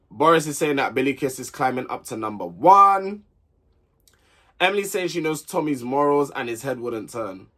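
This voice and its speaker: A young man giving an opinionated, animated, casual commentary on a reality show, often repeating himself for emphasis. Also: medium pitch. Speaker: reality show recap host.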